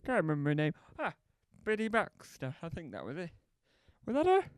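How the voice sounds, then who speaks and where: A man's voice: a little high, huge pitch swings, a little fast, no echo. A man doing stand-up comedy, telling a meandering anecdote that keeps correcting itself and acting out both sides of conversations.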